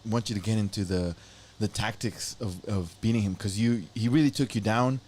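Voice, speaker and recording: A man hosting a casual podcast, asking measured questions with some stumbling restarts. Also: lowish voice, darkish tone. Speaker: podcast host.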